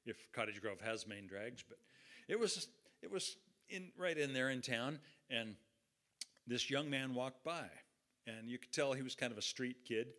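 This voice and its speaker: Middle-aged male pastor, folksy sermon storyteller, bright tone. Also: mid-range voice, animated, a little slow. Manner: folksy, conversational, acts out quotes.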